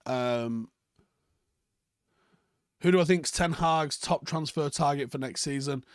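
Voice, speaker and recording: A man's voice: on the high side, slow pace, dry recording, studio quality. A young man hosting a casual live stream, reading out chat comments and rambling with lots of ums and swearing. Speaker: fan channel host reading live chat.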